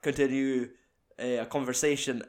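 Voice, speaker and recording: A man's voice: mid-range voice, flat delivery, normal speed. A young man chatting casually about a film, rambling and swearing as he retells scenes. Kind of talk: casual film review chat.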